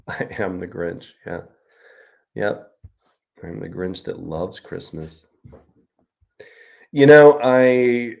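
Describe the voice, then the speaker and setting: A man's voice: low voice, creaky, a little mellow. A middle-aged man hosting a casual live-stream chat, joking and answering viewer comments. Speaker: host.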